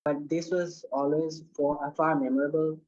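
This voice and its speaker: A man's voice: a little high, little pitch movement, normal speed, darkish tone, highs cut off. A man from Bangladesh, a native Bengali speaker, answering an exam question hesitantly with many fillers. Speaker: IELTS test candidate.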